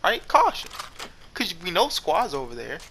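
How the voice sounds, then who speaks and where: A man's voice: high voice, wildly swooping pitch, normal speed, bright, forceful tone, slight background noise. A man giving casual, rambling commentary over his gameplay clips, exasperated and often correcting himself mid-sentence. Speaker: gaming video creator.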